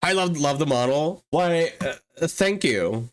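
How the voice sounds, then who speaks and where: Unhurried casual chat from a livestreaming 3D artist, full of laughs and swearing, the pitch jumping up when something gets exciting.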